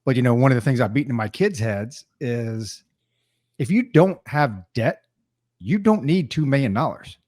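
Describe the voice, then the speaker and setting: A man hosts a podcast in a relaxed, chatty way. His voice sits mid-range, recorded close and dry with no room sound. He tells stories and acts out other people's lines. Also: medium pitch, moderate pace, no room sound. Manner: storytelling, animated quoting of others. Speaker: podcast host. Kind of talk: casual chat.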